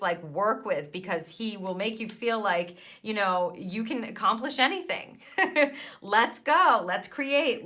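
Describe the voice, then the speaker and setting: A woman's voice: medium pitch, bright, forceful tone. A woman reading tarot cards for her viewers in an encouraging, emphatic way, with hesitant fillers between her points. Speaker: tarot card reader.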